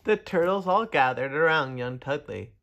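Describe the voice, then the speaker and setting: A man reading a children's story aloud, gentle and expressive, talking to young listeners. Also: fairly high pitch, normal speed. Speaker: storybook reader.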